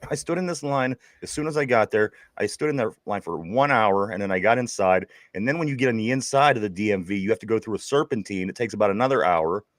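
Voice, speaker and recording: A man's voice: on the low side, lively intonation, fast, few pauses. A man with a Pittsburgh accent co-hosting a casual sports podcast. His voice rises and falls a lot as he rambles, stammering and repeating words. The sound is dry and close, with no room echo. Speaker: podcast co-host.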